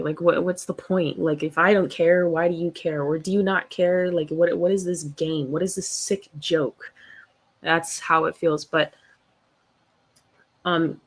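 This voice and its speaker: Passionate young woman livestreaming. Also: low-pitched. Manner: passionate, emphatic, animated. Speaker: livestream host. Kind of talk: casual livestream talk reading chat.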